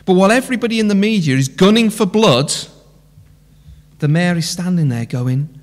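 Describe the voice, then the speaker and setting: A man's voice: high-pitched, expressive, a little fast. A man preaching an impassioned sermon in a church, full of rhetorical questions. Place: church hall. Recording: long church hall reverb.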